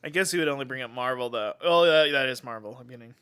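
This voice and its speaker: Joking, bright-voiced young man. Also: mid-range voice, clear, resonant tone. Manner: joking, playful, quick to do voices. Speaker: podcast co-host. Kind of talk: casual chat.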